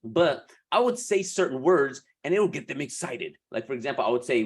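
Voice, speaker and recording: A man coaches beauty professionals in a casual, animated manner, laughing often and restarting his sentences. His mid-range voice runs fast with few pauses.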